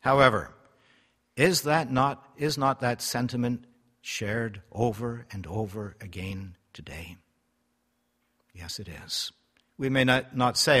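A man preaching a sermon, reading scripture slowly and solemnly, his loudness rising and falling for emphasis. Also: medium pitch, animated. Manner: emphatic, swells and drops in loudness; reads scripture in slow, solemn cadence. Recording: long hall reverb.

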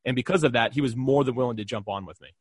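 A young man speaks rapidly and dryly, a podcast guest swapping stories. His telling is animated, full of quick asides and bits of acted-out dialogue. The sound is close and dead, with no room around it. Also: medium pitch, breathy edge, no room sound. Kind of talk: casual storytelling in conversation.

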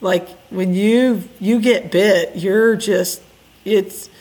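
A middle-aged woman from Indiana, a podcast guest, telling her story in a casual, animated way and acting out the quotes. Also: mid-range voice, extremely slow. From Indiana, USA.

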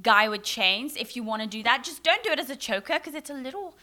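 A woman's voice: fairly high pitch, expressive, fast talker, sharp tone. A young woman co-hosting a casual chat show, chatty and opinionated, full of likes. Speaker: co-host.

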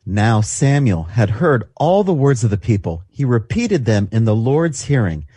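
A man co-hosting a faith talk show, reading scripture aloud in a measured way. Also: mid-range voice, sing-song, mellow, slightly rough, dry recording. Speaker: co-host.

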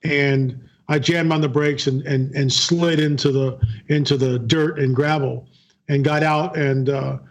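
Earnest higher-voiced man. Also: fairly even intonation, measured pace. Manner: earnest, repeats phrases, acts out quoted dialogue. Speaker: guest filmmaker. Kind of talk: storytelling interview answer.

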